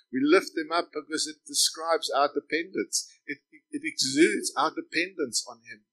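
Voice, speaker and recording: Bright-voiced male pastor preaching. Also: fairly high pitch, rough recording. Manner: slows down to read psalms, then preaches emphatically. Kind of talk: sermon. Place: church.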